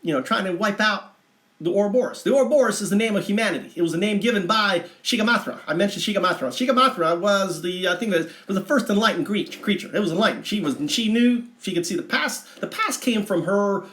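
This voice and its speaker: High-voiced rambling male streamer. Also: lively intonation, fairly bright tone. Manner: meandering, halting, full of asides. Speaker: livestream storyteller. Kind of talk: rambling livestream storytelling. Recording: echoey room.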